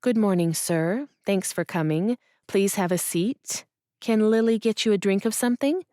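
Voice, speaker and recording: A woman's voice: medium pitch, moderate pace, dark tone, no room sound, studio quality, lightly acted. A woman narrator voicing an earnest young businesswoman, speaking formally and eagerly with a touch of nerves. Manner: eager, formal, a little nervous.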